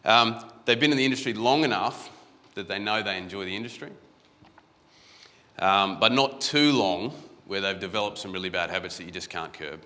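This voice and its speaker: A man's voice: fairly low pitch, animated, moderate pace, pushed and bright. A man with an Australian accent giving a casual, anecdotal conference talk from a stage, often restarting his phrases. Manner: conversational, anecdotal, repeats words when restarting. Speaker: conference guest speaker. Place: large conference hall. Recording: echoey conference hall.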